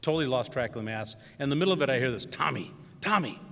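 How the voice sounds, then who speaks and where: A middle-aged man from Wisconsin, serving as commencement guest speaker, talks very fast in a mid-range voice. His speech is packed with fillers and self-deprecating anecdotes, and the school ceremony hall gives it an echoey reverb.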